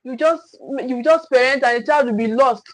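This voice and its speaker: A high-pitched woman coaches parents in an earnest livestream talk. She repeats key phrases for emphasis and slips into the voices of scolding parents. The sound is dry and close, with no room echo. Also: moderate pace.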